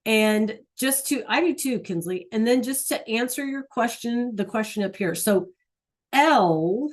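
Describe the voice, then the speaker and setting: A woman's voice: medium pitch, slow. Friendly middle-aged teacher, woman, online class, keeps checking in with students. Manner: chatty, encouraging, frequent "right?" checks. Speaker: Spanish teacher. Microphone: video call.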